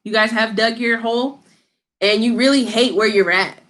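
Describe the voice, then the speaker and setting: Woman, tarot reader, casual reading to camera, blunt, cursing, slangy, scolding, slightly high voice. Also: normal speed, fairly bright tone.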